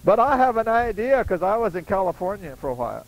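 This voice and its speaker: Lively gravelly older preacher. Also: male voice, high-pitched, fast talker, muffled recording. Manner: acts out voices in his stories, chuckling asides. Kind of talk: folksy storytelling sermon.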